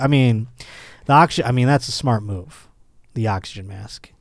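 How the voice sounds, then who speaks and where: A man's voice: mid-range voice, animated, normal speed, dry recording, studio quality. A man hosting a comedic podcast, riffing on odd news stories and laughing often. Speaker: podcast host.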